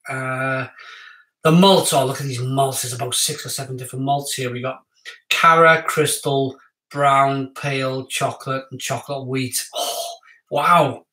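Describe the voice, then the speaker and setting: A man reviewing craft beer on a live stream in casual, excitable chat with his viewers. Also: medium pitch, a little slow, distant mic. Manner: chatty, excitable, talks to viewers. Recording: echoey room, off-mic.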